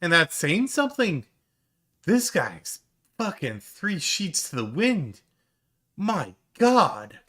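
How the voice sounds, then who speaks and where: Lively bright-voiced mocking man. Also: high-pitched, slow. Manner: sarcastic, mocking, swears. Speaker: streamer commentator. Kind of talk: mocking reaction commentary.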